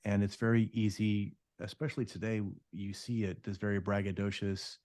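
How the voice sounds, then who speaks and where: A man hosting a podcast, offering measured, thoughtful reflections to his guest. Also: on the low side, level tone, a little mellow, no echo, clean studio sound. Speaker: podcast host. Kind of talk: reflective interview commentary.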